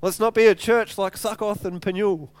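A pastor with a rather high, smooth voice preaches a sermon, retelling the story in a chatty, animated way. He often stumbles and repeats words as he goes. The sound is close and dry. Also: moderate pace, dry recording. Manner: animated storytelling, retelling scripture in casual speech.

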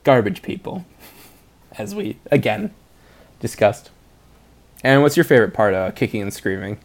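A man's voice: fairly low pitch, sing-song, moderate pace. A young man hosting a podcast, chatting casually, rambling through jokes and laughing often. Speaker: podcast host. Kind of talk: casual chat.

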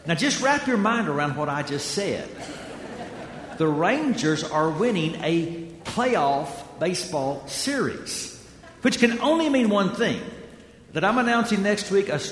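High-voiced pastor preaching in a hall. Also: male voice, a bit bright, slight background noise. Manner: storytelling with acted voices and dry humor. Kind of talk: sermon. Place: large church auditorium. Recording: echoey hall.

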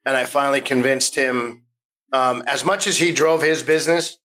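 His medium-pitched voice is steady and sharp, moving at a moderate pace on a rough recording. He's a man in his fifties from the United States, a podcast guest in a casual storytelling interview, rambling, restarting sentences and imitating the voices he quotes.

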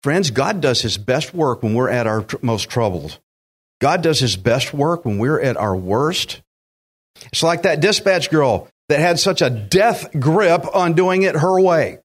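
A man's voice: a little high, sing-song, unhurried, slightly rough. A man preaching a sermon, emphatic and direct, acting out quotes and speaking to listeners as friends. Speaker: pastor.

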